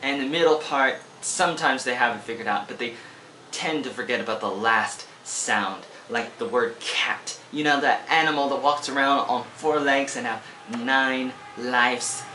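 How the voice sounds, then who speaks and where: A man's voice: medium pitch, measured pace, bright, forceful tone, echoey room, a little hiss or hum. An American man in his twenties, an English teacher from Oregon, talking in a rambling, playful way in a casual teaching vlog. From Oregon, USA. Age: 20s. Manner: rambling, playful, repeats words as he goes.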